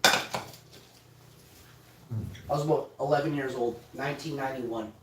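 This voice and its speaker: A man in his forties hosting a livestream, telling a story in a casual, animated way and breaking into loud excited shouting. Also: mid-range voice, a little slow, far from the mic, heavy background noise. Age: 40s. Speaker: livestream host. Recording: roomy sound, off-mic.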